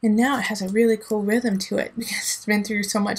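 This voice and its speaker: A woman's voice: medium pitch, fairly even intonation, a little fast, breathy edge, low-quality recording. A woman giving a casual tarot reading, emphatic and teasing, laughing often, with a son at home. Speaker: tarot reader.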